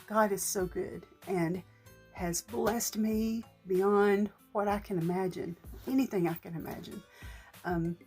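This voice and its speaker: A middle-aged woman, talking earnestly to her vlog audience in a gentle, shaky, emotional voice. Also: medium pitch, steady tone, slow pace, soft background music. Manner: gentle and earnest, with faith talk and small restarts. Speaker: vlogger. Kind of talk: heartfelt personal vlog talk.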